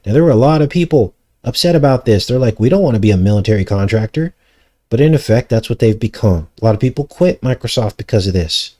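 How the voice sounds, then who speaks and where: A man's voice: medium pitch, mellow. Sarcastic male commentator reading the news. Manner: sarcastic, mocking asides.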